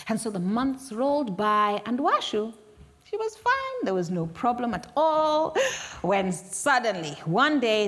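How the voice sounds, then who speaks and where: A woman's voice: on the high side, fairly bright tone. Dramatic, swooping woman storyteller. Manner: dramatic, swooping, whispers and gasps. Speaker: performance storyteller. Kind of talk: live interactive storytelling. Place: live performance venue.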